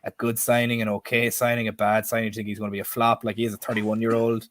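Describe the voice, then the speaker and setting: A man's voice: on the low side, flat delivery, fast, fairly bright tone, no room sound. Irish guy in his 20s hosting a stream, chatty, pokes fun at himself, dry close mic. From Ireland. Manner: chatty, self-deprecating, asks guests questions. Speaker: stream host. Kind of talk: casual football chat.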